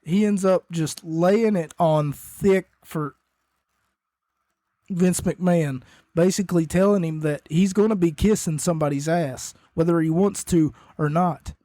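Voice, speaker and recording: A man's voice: fairly high pitch, measured pace, warm tone, no room sound, clean studio sound. A man hosting a podcast, casually recapping wrestling in a rambling way, often correcting himself and coughing between points. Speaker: podcast host.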